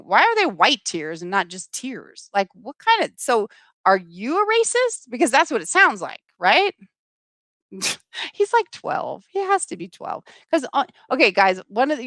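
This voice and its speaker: A woman's voice: on the high side, a bit bright, no echo, clean studio sound. A woman hosting a live political commentary stream, reading the chat aloud and scolding trolls with sarcasm.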